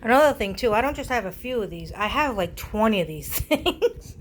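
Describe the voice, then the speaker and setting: A woman's voice: fairly high pitch, normal speed, slight background noise. Chatty woman crafting at home. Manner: chatty, self-mocking, animated asides. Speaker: crafter hosting a craft video. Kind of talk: casual crafting chat.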